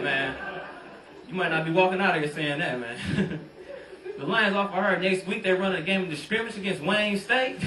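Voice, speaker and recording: A man's voice: sits high, bright, forceful tone, far from the mic. A young man from doing a stand-up comedy set, bantering loosely and talking straight to the crowd. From Detroit. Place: comedy club stage. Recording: roomy club sound, mic set back.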